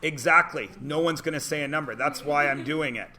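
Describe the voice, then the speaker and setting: This man's voice is a little high, pushed and bright, moving briskly with few pauses. He's teaching a math class in lecture form, giving instructions and walking through steps while cracking dry, theatrical jokes with the students.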